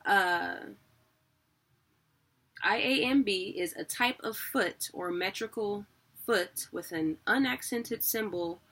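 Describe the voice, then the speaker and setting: Bright-voiced chatty woman teaching. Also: fairly low pitch. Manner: chatty, self-deprecating, laughs often. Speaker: online teacher. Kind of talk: casual video lesson.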